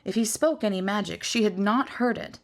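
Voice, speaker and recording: A woman of medium pitch reads a fantasy novel out loud, with a measured pace and an expressive, storyteller's delivery.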